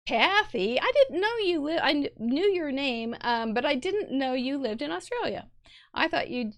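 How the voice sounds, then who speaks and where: A woman's voice: high-pitched, very animated, moderate pace. Chatty Midwestern woman hosting a craft stream. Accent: American Midwestern. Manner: chatty and punny, rambling with restarts. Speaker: host of a live crafting show. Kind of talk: live stream chat reviewing viewer cards.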